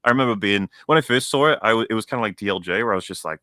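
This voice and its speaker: A young man ranting on a stream about a video game, animated and profane. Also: on the low side, very fast, no echo, clean studio sound. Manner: animated, profane, mocks characters in put-on voices. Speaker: stream guest.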